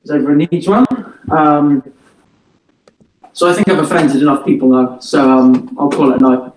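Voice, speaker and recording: High-voiced stand-up in an echoey room. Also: male voice, fairly even intonation, moderate pace, far from the mic, noisy background. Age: young adult. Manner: rambling one-liners with repeated "right, guys". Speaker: stand-up comedian. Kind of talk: stand-up set on a video call. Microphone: laptop or webcam mic on a video call. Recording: echoey room, away from the mic.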